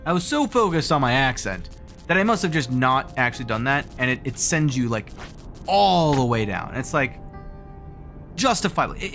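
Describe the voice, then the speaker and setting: Animated streamer narrating his gameplay. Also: medium pitch. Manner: joking, self-mocking, quick exclamations. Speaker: game streamer. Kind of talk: live gameplay commentary. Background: game music.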